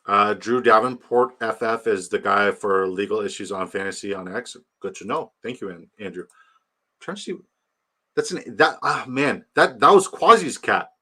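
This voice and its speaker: A man's voice: fairly low pitch, moderate pace, sharp tone, breathy edge. A young man chatting casually on a fantasy football stream, rambling and joking, swearing freely. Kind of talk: casual live-stream chat.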